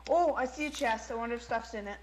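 A woman's voice: on the high side, quick pace, poor audio. A young woman playing a game alongside the host, teasing him in casual chat. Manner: teasing, playful. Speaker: co-player.

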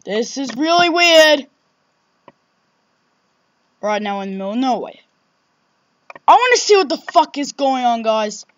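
In a high, sing-song voice, a let's play gamer comments on a horror game at a measured pace with long pauses. She startles easily, exclaims, swears, and repeatedly says "oh my God". Loud background noise fills the recording, and the highs are cut off.

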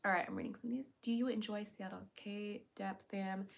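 A woman streamer chatting casually on a livestream, reading viewers' comments aloud and answering them with quick giggles. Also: medium pitch, fairly even intonation, vocal fry. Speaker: streamer and voice actor.

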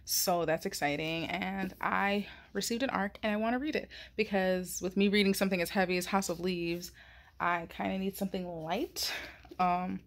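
A woman's voice: mid-range voice, steady tone, normal speed. A young woman hosting a casual reading vlog, talking chattily and rambling with plenty of fillers. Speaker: booktuber vlog host.

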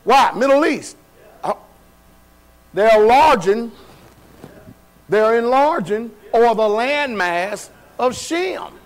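Man preaching a sermon, pastor, high-pitched voice, casual and colloquial, questions to the congregation, church sanctuary. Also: expressive, slow, pauses often, rough recording. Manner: colloquial, laughs at his own remarks, shifts between loud and quiet.

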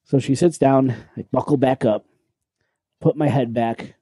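A man co-hosting a podcast, telling a story in a casual, animated way, swearing and acting out what people said. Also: mid-range voice, a little slow, slightly rough, no room sound. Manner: animated, swearing, acts out quoted lines. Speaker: podcast co-host. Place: podcast recording room.

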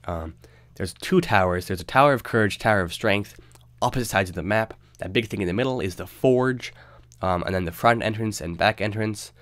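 A man's voice: lowish voice, fairly quick, fairly bright tone, no echo. A young man with a stuffy, nasal voice from a cold, casually narrating a game guide with loose, rambling fillers. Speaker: game guide video host.

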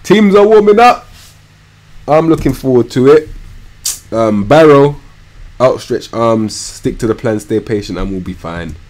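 Young lad, gaming streamer, slangy chat, very lively pitch, mumbles then yells. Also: male voice, measured pace, long pauses. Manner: slangy, animated, swings from mumbled asides to loud outbursts. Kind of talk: live gameplay commentary.

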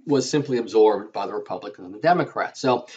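Halting, husky history teacher, a man. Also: on the low side, expressive, darkish tone. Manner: halting, lots of fillers and restarts. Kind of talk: lecture. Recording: dull lo-fi lecture audio.

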